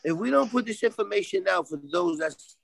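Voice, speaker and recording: A man's voice: sits high, expressive, a little fast, gravelly, a loud crowd, rough recording. A man with a Brooklyn New York accent, a podcast guest on a video call, talking in a streetwise, emphatic way and keeping on asking if you follow him. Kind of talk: casual interview talk.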